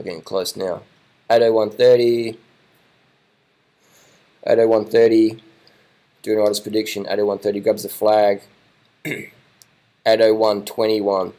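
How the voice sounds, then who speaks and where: A man talks through footage in a loose, off-the-cuff reaction commentary. His voice sits a little low, and he gets excitable, repeating himself and swearing casually as he goes. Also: rough recording. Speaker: video commentator.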